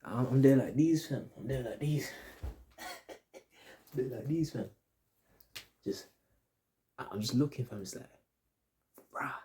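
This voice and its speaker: A man's voice: medium pitch, takes it slowly, long pauses, warm tone, slight background noise. A young man telling a story to his audience in a casual, rambling, slang-heavy way, repeating himself often. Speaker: vlogger.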